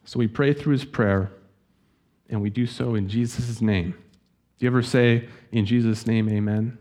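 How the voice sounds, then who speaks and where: A man preaching a sermon as pastor, speaking earnestly and gently, reading scripture slowly to his congregation. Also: medium pitch, fairly even intonation.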